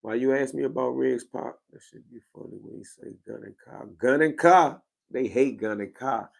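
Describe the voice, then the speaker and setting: A man's voice: medium pitch, fairly even intonation, fairly quick, vocal fry, a little mellow. A man, a little tired, chatting casually on his livestream in laid-back slang and answering viewers over a microphone he wears. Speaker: livestream host. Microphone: wearing a microphone.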